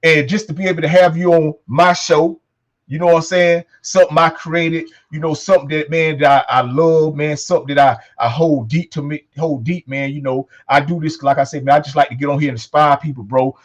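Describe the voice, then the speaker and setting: Male talk host, casual and profane, rapid talker, sits a bit high in his range, leans on filler phrases. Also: steady tone. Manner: loose, profane, repeats "man" and "you know what I'm saying". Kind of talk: casual talk show chat.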